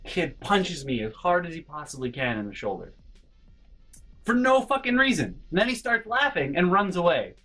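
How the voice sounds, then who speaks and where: A man vlogging a personal story in an animated way, swinging between hushed and loud and swearing freely. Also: on the high side, brisk, hardly any pauses, rough recording. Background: faint background music.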